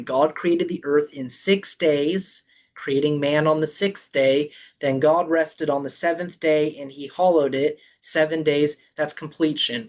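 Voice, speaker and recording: Man giving a slow, halting Bible talk. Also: a little high. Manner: halting, with many ums and restarts. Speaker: Bible study presenter. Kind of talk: Bible study presentation.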